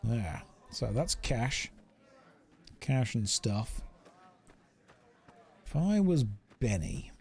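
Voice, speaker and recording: A man's voice: medium pitch, very animated, drawn-out words, long pauses, darkish tone. An Englishman with an English accent, casually commentating his game stream in a joking, self-mocking way.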